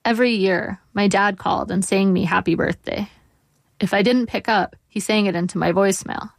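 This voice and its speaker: Woman author in her forties, gravelly, measured and wry first-person essay reading. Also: mid-range voice, steady tone, no room sound.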